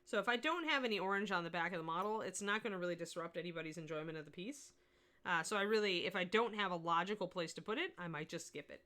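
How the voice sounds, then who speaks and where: Woman painting instructor on a casual stream, bright, talkative, answers viewers as she works. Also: fairly low pitch, fast. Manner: chatty, answers viewer chat while painting. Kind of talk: casual livestream painting lesson.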